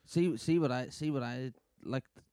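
A man's voice: medium pitch, unhurried, mellow, no room sound, clean studio sound. A young man, co-hosting a casual podcast chat in an easygoing, agreeable way. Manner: easygoing, agreeable, laughs along. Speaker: podcast co-host.

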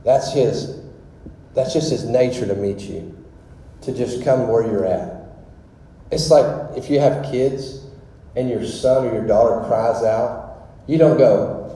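A man's voice: mid-range voice, takes it slowly, pauses often, warm tone. A man preaching a casual, rambling testimony sermon full of fillers. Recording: very echoey hall with long reverb.

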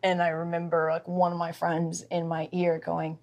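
A woman's voice: on the low side, moderate pace, hardly any pauses. Name: -. Sex: woman. Style: emotional storytelling, many restarts. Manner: emotional, animated, frequent restarts. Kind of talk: casual personal storytelling.

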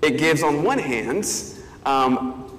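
A man's voice: on the high side, expressive, slow, fairly bright tone, slight background noise. A male pastor giving a conversational sermon, thinking aloud with fillers and restarts. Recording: echoey hall, faint ambience.

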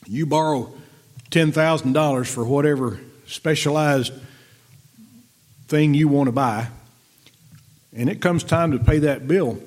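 A man's voice: fairly high pitch, a little slow, long pauses, darkish tone. A middle-aged man preaching a folksy, conversational sermon and reading verses aloud. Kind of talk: sermon teaching from scripture.

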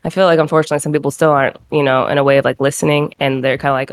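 A young woman from Rhode Island with a New England accent, co-hosting a casual chat and telling stories with animated put-on voices. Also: extremely low pitch, rapid-fire, dry recording. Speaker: co-host.

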